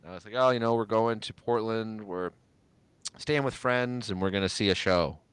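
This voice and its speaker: A man telling a story in a relaxed chat, slipping into quick voices when he quotes people. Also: lowish voice, clear, resonant tone, dry recording. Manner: laid-back, quoting others in little voices. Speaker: podcast guest. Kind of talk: casual storytelling.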